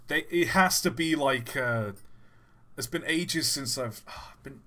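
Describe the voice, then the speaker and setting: A man's voice: fairly high pitch, expressive, extremely slow, pushed and bright. A man chatting casually while playing a game on a livestream, self-mocking and playful. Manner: self-mocking, chatty, trying out silly voices. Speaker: streamer. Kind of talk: casual gameplay livestream commentary.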